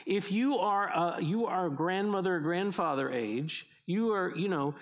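A man's voice: high-pitched, measured pace. A middle-aged male pastor preaching a conversational sermon, often restarting his sentences as he goes.

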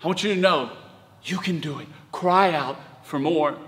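Brief: pastor in his thirties, animated storyteller, forceful tone with long reverb. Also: fairly high pitch, normal speed. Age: 30s. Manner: animated storytelling, conversational with emphatic surges. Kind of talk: sermon.

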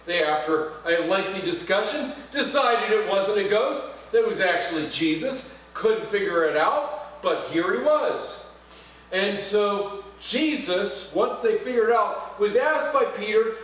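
A man's voice: sits high, animated, unhurried, a bit bright. A man preaching a sermon as pastor, talking conversationally, asking the congregation questions and making light jokes. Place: church sanctuary. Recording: echoey church from far off, faint hum.

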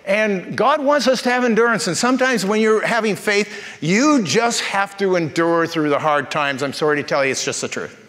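A male pastor telling stories in a sermon, animated and jokey. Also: sits high, normal speed, hardly any pauses. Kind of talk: humorous sermon storytelling. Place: church auditorium. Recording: reverberant church hall.

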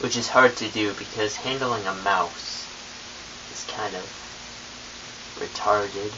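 A young man in casual vlog talk, speaking quietly and rambling offhandedly. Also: fairly low pitch, fairly even intonation, takes it slowly, far from the mic, lo-fi sound. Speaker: vlogger. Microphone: camera mic, off-mic. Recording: hissy home camera audio, off-mic.

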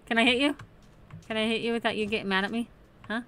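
A woman's voice: a little high, steady tone, fast talker, bright, forceful tone. A woman host casually commenting on her Minecraft play, chatty and playful, talking to the game's characters. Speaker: gaming channel host.

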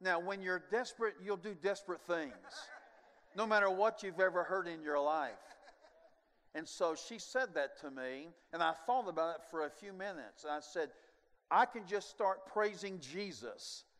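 Older man preaching a lively testimony. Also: high-pitched, normal speed. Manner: animated storyteller, swings from hushed to loud, chuckling asides. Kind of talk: sermon testimony storytelling. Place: large church sanctuary. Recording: long reverb of a large sanctuary.

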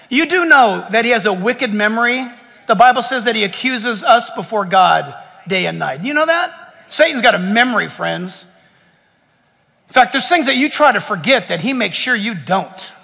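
Male pastor, high and lively, bright tone, echoing church hall. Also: gravelly. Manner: preaching with animated, rising emphasis. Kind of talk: sermon.

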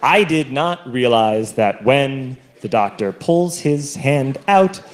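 Animated man telling stand-up stories. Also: mid-range voice, slow pace. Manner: animated storytelling, acting out other people. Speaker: stand-up comedian. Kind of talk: stand-up comedy set. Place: comedy stage with a laughing audience. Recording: live show with audible audience noise.

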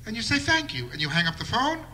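Wry stand-up comic man, lively and bright. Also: sits high, very fast, slight background noise. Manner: wry observational delivery with mock outrage. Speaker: stand-up comedian. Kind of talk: live stand-up routine.

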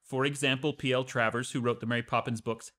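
A man's voice: medium pitch, steady tone, fast talker, pushed and bright. A man co-hosting a podcast, speaking casually and with enthusiastic, strong opinions. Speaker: podcast co-host. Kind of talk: casual conversation.

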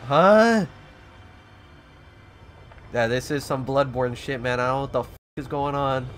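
A young man streaming a video game, giving excitable, slangy commentary and swearing often. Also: medium pitch, a little fast. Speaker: gaming streamer. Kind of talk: gameplay commentary. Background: game music.

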